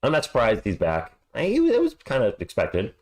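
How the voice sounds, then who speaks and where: A hoarse man hosting a live sports stream, chatting upbeat and greeting viewers by name. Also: mid-range voice, wildly swooping pitch, brisk, a little mellow. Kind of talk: casual live play-by-play chat.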